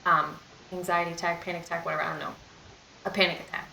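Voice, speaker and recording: Young woman vlogging a story, rambly and open, bright voice, roomy echo with a faint hum behind. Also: fairly low pitch, flat delivery, fast, gravelly. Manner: rambling and candid, heavy use of "like" and "you know". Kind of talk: casual storytime monologue.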